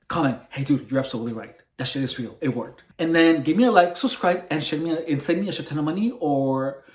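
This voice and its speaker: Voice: mid-range voice, darkish tone, roomy sound, recorded from a distance. A channel host in a casual monologue to camera, rambling and profane and often repeating words.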